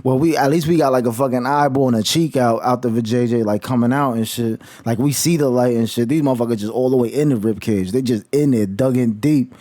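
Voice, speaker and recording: A man's voice: medium pitch, a little fast, few pauses, dark tone, dry recording. A man vlogging about college football in a heated, slangy rant full of swearing. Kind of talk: casual profane rant.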